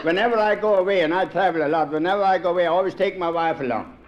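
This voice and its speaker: A man's voice: high-pitched, fast talker, lo-fi sound, slight background noise. A middle-aged man with a Pennsylvania Dutch accent telling a folksy stand-up monologue in dialect grammar, chuckling at his own jokes. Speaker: comedian.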